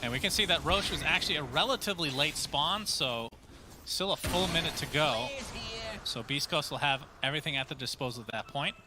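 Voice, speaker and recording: A man doing live play-by-play commentary on an esports match, speeding up and rising with excitement on the big plays. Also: a little high, fairly quick, noisy background.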